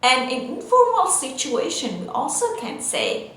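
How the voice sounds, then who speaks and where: A woman's voice: sits high, very animated, unhurried, fairly bright tone. A woman teaching English vocabulary, saying each word carefully and then repeating it. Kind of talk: vocabulary lesson for learners. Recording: very echoey room.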